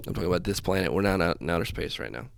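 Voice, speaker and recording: An airman hosts a casual solo podcast from a small room with festive lights, speaking into a desk setup in front of a laptop. His low-pitched, expressive voice is very fast with vocal fry, slightly hissy or humming, as he rambles self-deprecatingly through frequent tangents.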